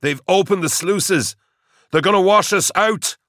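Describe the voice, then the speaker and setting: A man voicing a grizzled male infantry officer who shouts orders in the thick of battle. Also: sits high, measured pace, no room sound, studio quality, pitched above the performer's own voice. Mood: shouting fiercely.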